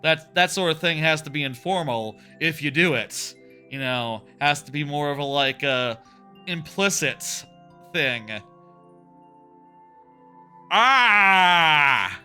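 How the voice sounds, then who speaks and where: Male streamer, thirties, rambling casual game-stream chatter, bright sharp voice, music faintly behind. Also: fairly high pitch, measured pace. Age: 30s. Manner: rambling, many fillers and restarts. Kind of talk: casual live-stream chat while playing.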